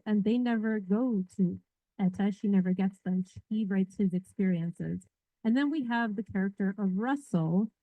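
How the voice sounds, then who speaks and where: A woman librarian giving a casual, chatty book pitch to a live audience, talking informally and polling the crowd. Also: warm tone, no echo. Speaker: librarian defending a book in a debate. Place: public library event. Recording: dull, muffled dry audio.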